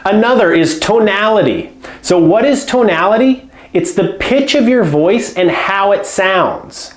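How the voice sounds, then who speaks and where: A man's voice: high-pitched, animated, unhurried, roomy sound. A man coaching home care business owners in a direct instructional talk, speaking up firmly and stressing key words.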